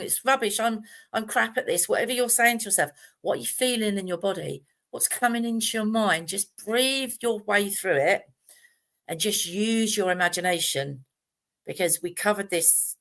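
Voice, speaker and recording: A woman's voice: on the low side, a bit bright. A middle-aged woman, talking casually and chattily about meditation on a live stream, rambling with fillers and restarts. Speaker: meditation teacher.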